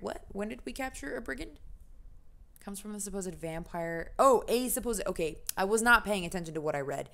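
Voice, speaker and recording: A young American woman streams a game in a chatty, rambling voice. She reads the story text aloud, then drifts into self-deprecating asides, pitched right at the middle for a woman. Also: expressive, fairly quick, gravelly, fairly bright tone. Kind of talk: casual game commentary and reading aloud.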